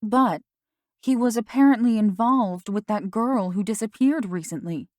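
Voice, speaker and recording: A woman's voice: medium pitch, moderate pace, darkish tone, no echo, close to an everyday voice. Woman reading caring mom, coaxing and probing, a bit lifted, dry close sound. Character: worried mother, gentle, probing.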